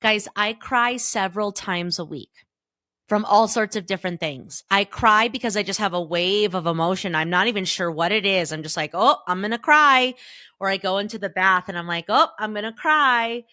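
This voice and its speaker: A therapist in her thirties hosts a solo podcast, offering casual advice earnestly and directly to her listeners. Her medium-pitched voice is brisk, warm, and emphatic, recorded with studio quality and no echo.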